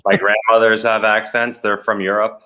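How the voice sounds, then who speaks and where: A young man from Canada chats as a podcast guest, his voice sitting fairly low. He tells stories loosely and often breaks into laughter along the way. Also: flat delivery, moderate pace, pushed and bright. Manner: chatty storyteller, laughs often. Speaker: guest, hockey goalie. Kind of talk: casual podcast chat.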